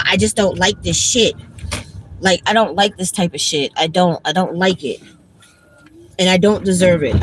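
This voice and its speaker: Broadcasting live from her moving car, a woman with a fairly low-pitched voice vents with raw emotion and no filter, cursing often. Her talk wanders and is packed with "like," and there is noise in the background.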